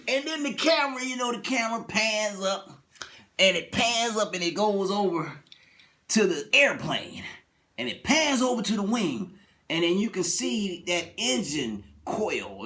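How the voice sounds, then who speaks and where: A man casually retelling a TV episode, animated, acting out scenes and laughing. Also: fairly high pitch.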